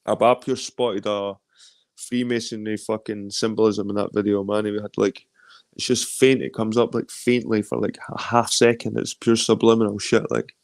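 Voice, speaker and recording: A Scottish man hosts a relaxed stream, reading viewer comments and riffing in a loose, profane, joking ramble. His voice sits on the low side. The sound is close and dry, with no room around it. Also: moderate pace, gravelly, no echo. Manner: rambling, swearing, loose and jokey. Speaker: stream host.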